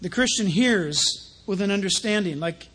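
Male preacher, very high and breathy voice, conversational sermon delivery. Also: normal speed. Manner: conversational preaching with anecdotes, rising to animated emphasis.

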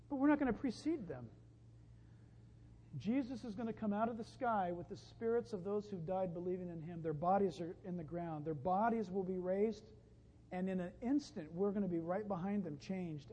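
A man preaching a sermon as pastor, animated and punchy, with emphatic rises and wry jokes. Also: high-pitched, a little hiss or hum. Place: church sanctuary. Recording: lo-fi, dull, long reverb from a church hall.

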